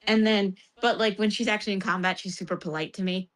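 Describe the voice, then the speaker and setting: A woman's voice: mid-range voice, quick pace, few pauses, a bit bright. A woman streamer chatting casually about a game, laughing often and acting out the characters' lines in bursts.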